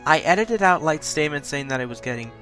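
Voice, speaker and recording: Fast, lively self-critical countdown host. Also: male voice, on the high side, faint music behind. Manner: talks fast, stutters at points. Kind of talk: scripted countdown commentary.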